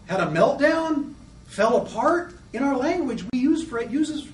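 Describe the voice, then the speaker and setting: A man gives a lecture in a high, animated voice and slips into little acted-out voices of children to make his points. The sound is roomy and echoey. He is set back from the microphone, with a faint hum of room noise behind him. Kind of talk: lecture on psychoanalytic theory. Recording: echoey room, mic at a distance.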